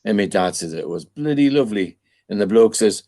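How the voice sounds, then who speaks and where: A man's voice: fairly low pitch, lively intonation, a little fast, gravelly, mellow, dry recording. Older man telling rambling football stories. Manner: rambling anecdotal storyteller with chuckles. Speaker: podcast panelist. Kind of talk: casual chat.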